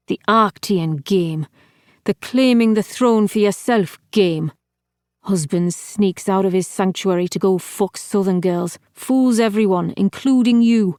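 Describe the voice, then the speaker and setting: This is a blunt, foul-mouthed old male falcon from an audiobook fantasy, mocking whoever he talks to, voiced by a woman reading the book. He speaks at an unhurried pace, with no room sound around him. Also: mid-range voice, darkish tone, no echo, studio quality, lightly acted.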